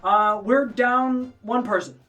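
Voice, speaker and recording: A man's voice: very high-pitched, takes it slowly, sharp tone, dull audio, faint music behind, pitched above the performer's own voice, full character voice. A man voicing a flamboyant male game-show host of a dungeon arena, with showy, offhand announcer patter. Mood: chirpy host.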